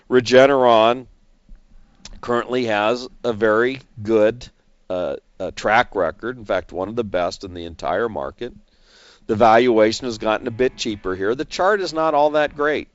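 A man managing investments, talking through a stock in measured commentary that leans on figures and numbers. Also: medium pitch, smooth, no room sound. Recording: dull, slightly lo-fi dry recording.

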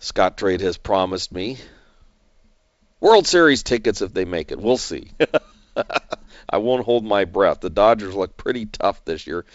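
A man's voice: fairly low pitch, lively intonation, measured pace, long pauses, dry recording, dull audio. A middle-aged man hosting an investment show, talking in a rambling, chatty way with fillers and chuckles. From San Diego area. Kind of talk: casual market commentary.

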